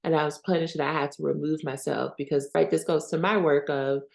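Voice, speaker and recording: A woman's voice: low voice, fairly even intonation, fairly quick, gravelly, darkish tone. A woman hosting a self-help podcast, speaking candidly about her own experiences in a conversational way and often checking in with "right?". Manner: candid and personal. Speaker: podcast host. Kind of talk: reflective self-help talk.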